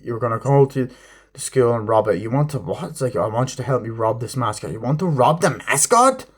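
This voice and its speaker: A man giving a rambling, profane spoken movie review, acting out scenes in quick snippets. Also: mid-range voice, steady tone, a little mellow.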